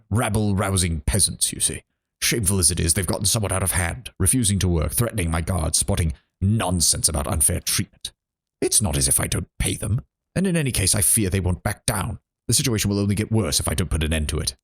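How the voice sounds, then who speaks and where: A man's voice: deep voice, lively intonation, fast, slightly rough, heavily acted. A man reading a haughty, cruel lord. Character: brutal-tempered male lord, haughty and dismissive.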